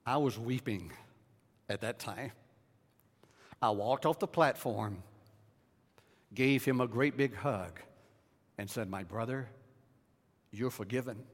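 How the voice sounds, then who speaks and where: A man preaching a sermon, telling a personal story with dramatic swings and quiet, hushed moments. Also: medium pitch, slow, long pauses. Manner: dramatic storyteller, dropping to a hush in tender moments. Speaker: pastor. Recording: reverberant hall.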